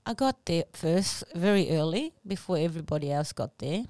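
A woman co-hosting a podcast, telling stories in an animated, earnest way with simple phrasing. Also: lowish voice, normal speed, dry recording. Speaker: podcast co-host. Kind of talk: casual chat, storytelling.

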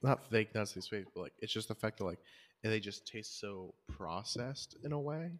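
A man with a fairly low voice co-hosts a casual podcast chat. He rambles, restarts his sentences, and teases the others. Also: animated, normal speed. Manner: rambling, teasing, swearing. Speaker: podcast co-host.

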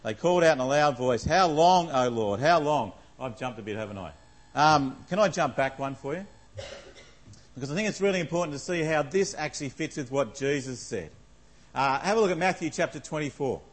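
A man's voice: on the high side, animated, a little fast, rough recording. A man preaching a conversational sermon, reading scripture aloud and asking the congregation questions along the way. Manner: conversational, asks the congregation questions, many fillers.

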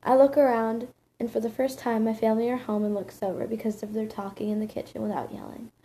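A woman's voice: on the high side, flat delivery, quick pace, warm tone, a little hiss or hum, rough recording. A woman narrating a first-person story in a plain, matter-of-fact reading.

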